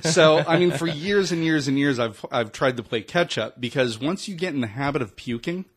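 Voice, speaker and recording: A man's voice: on the high side, animated, normal speed, breathy edge. A man in his forties, a radio DJ and station owner, telling stories in a candid, self-deprecating way with many restarts in a studio interview. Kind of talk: casual interview chat.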